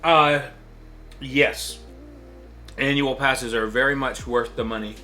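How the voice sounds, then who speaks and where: Bright-voiced man vlogging while eating hot wings. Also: medium pitch, fairly even intonation, slow pace, pauses often, faint music behind. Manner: nervous, chatty, frequent ums. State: mouth burning from hot sauce. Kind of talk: casual vlog chat.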